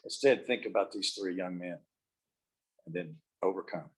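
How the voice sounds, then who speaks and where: A middle-aged man with a somewhat low voice gives a motivational speech in a meeting room. He tells workplace stories in an easy, storytelling way. He drops his voice low and soft when he wants a point to land. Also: normal speed, poor audio. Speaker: motivational speaker. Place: meeting room with live and video-call audience.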